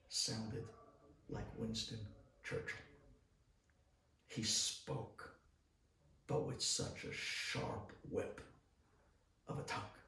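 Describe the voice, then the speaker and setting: A man preaching as a rabbi, telling his story with acted-out dialogue and rising intensity. He is picked up from a distance in a roomy, echoing space, his voice at an ordinary middle pitch. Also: vocal fry, a little hiss or hum. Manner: dramatic storyteller who acts out dialogue and builds to shouting. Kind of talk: storytelling sermon. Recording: roomy hall miked from a distance.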